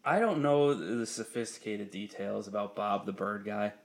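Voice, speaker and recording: A man's voice: lowish voice, normal speed. A young man co-hosting a podcast, telling a story in casual, profane chat and laughing often. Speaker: podcast co-host.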